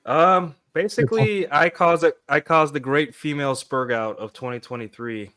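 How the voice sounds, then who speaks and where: A man's voice: fairly high pitch, moderate pace, a bit bright. A man talking in an upbeat, self-satisfied way as a livestream guest. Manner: upbeat, pleased with himself. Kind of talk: casual livestream chat.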